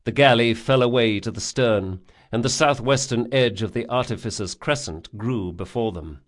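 Man narrating a fantasy audiobook. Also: mid-range voice. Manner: measured, vivid storytelling. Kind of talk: scripted narration.

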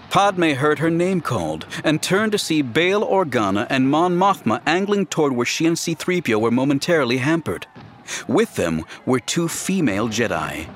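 A man reading a novel aloud in a dramatic, expressive narration, with music behind. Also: medium pitch. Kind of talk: scripted audiobook narration.

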